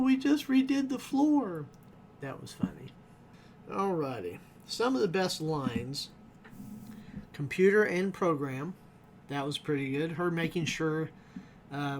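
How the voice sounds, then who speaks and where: A man talks through a TV episode in a loose, rambling review and chuckles often. His voice sits a little high for a man. A faint hiss runs under the recording. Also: slow, pauses often. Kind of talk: casual spoken review.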